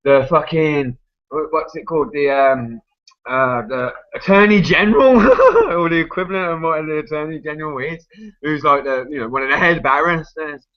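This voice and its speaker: A man's voice: fairly high pitch, animated, normal speed, muffled recording. Rambling Englishman with "right, yeah?" tags. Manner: rambling, tag questions, frequent swearing. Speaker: group discussion speaker. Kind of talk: rambling casual argument.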